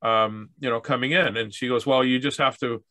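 Bright, dry-sounding Canadian man. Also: mid-range voice, steady tone, normal speed, no room sound. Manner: rambling, with restarts and acted-out dialogue. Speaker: speaker telling stories about accessibility. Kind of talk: casual storytelling talk.

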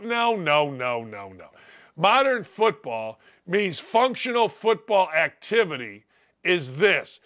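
An older man hosting a sports talk show, ranting bluntly and sarcastically in a voice worn gravelly from yelling. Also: sits high, sing-song, moderate pace. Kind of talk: opinionated sports radio rant.

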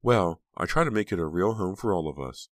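A man voicing a gentle middle-aged aunt who scolds her husband softly. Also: low voice, expressive, fairly quick, no echo, studio quality, voice pushed up. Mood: proud. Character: kind timid middle-aged aunt, woman.

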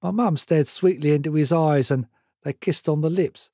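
An older man reading his own memoir aloud in a measured storytelling manner. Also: a little high, warm tone, no echo, studio quality. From Britain. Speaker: memoir author.

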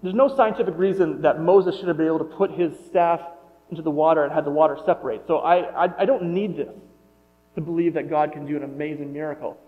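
Man, middle-aged pastor, casual conversational sermon, slightly high voice, long hall echo, dull muffled sound. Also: fairly even intonation, fast. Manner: conversational, self-correcting, wonders aloud.

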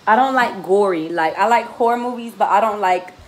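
A woman chatting casually and telling animated stories, laughing often. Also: mid-range voice, a little fast. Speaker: vlogger. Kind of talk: casual chat.

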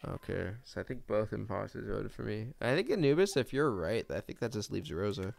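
A man's voice: fairly low pitch, animated, brisk, vocal fry, noisy background. A man streaming a party game, talking casually with other players about who to trust. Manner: hums a theme tune while playing. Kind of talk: casual gameplay chat.

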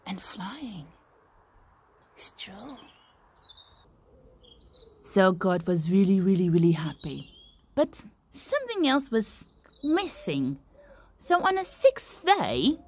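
Slow, lively woman telling a children's story. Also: medium pitch. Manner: animated, gasping, exclaiming, asking the listener questions.

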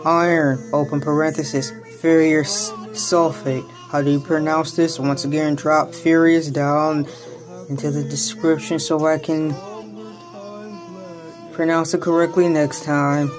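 A woman with a low voice reads an ingredient list slowly and deadpan, speaking every comma and period. Music plays steadily behind her. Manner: deadpan, reads punctuation aloud. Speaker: vlogger. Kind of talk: comic reading of a label.

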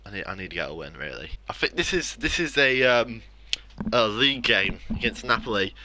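A man's voice: on the low side, expressive, brisk, sharp tone. A young man commenting on his own football video game matches, mocking himself and ranting about losing. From England. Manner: frustrated, self-mocking ranting. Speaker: gaming YouTuber. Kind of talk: live gameplay commentary.

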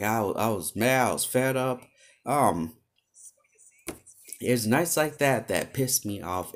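A young man venting about his job in a loose, rambling storytime style. His voice rises and falls a great deal as he grows exasperated, and he trips over filler words as he goes. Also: medium pitch. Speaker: vlogger. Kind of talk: casual storytime rant.

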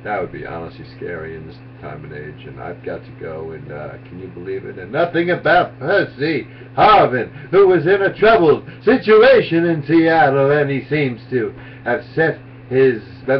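A man talks in a mumbling, offhand way and keeps wandering off his point. His voice sits at a middling pitch. It sounds distant and muffled on a lo-fi recording with a faint hiss. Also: expressive, normal speed. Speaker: comedian. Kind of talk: rambling comedic tribute monologue.

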